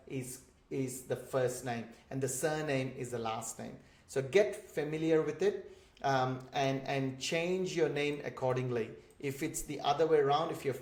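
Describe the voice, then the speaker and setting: A man from India with an Indian English accent teaches an online course for migrant job seekers, patiently working through examples. His voice is medium-pitched and a little mellow, recorded in a roomy, echoey space.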